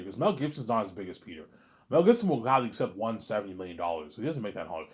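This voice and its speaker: A man rambling in a casual monologue, animated and repetitive, arguing with an imagined listener. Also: lowish voice, fast talker. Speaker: vlogger.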